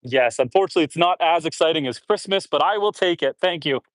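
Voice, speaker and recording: Talking quickly with lively intonation in a fairly high, fairly bright voice, a Canadian man chats live with viewers while shoveling manure outdoors on his farm. This homestead livestreamer reads comments as he works, grunting, sighing between loads and slightly out of breath. He's recorded on a phone with no room sound.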